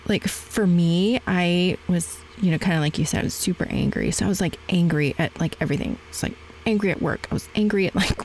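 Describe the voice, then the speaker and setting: A woman in her forties with a somewhat low voice hosts a podcast conversation. She tells her own story in an animated way and acts out past exchanges. Faint noise sits behind her voice. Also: brisk, few pauses, poor audio. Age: 40s. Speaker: podcast host. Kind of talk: conversational interview.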